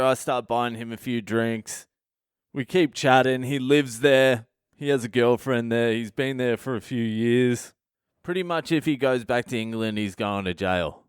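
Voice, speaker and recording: A man's voice: medium pitch, clear, resonant tone, no room sound, clean studio sound. A middle-aged man, a comedian hosting his podcast, telling a rambling, profane story. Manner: profane, rambling anecdotal delivery. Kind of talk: storytelling monologue.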